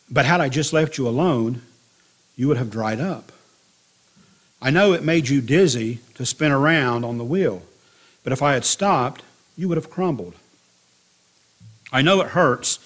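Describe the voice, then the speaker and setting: A man voicing a patient, gentle potter who speaks quietly and calmly, in a husky voice. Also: medium pitch. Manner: quiet, calm.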